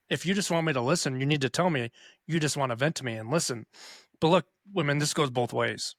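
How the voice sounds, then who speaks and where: A man's voice: fairly high pitch, fast talker, no echo. Earnest male podcast co-host, dry sound. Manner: earnest, reasoning it through. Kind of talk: casual chat.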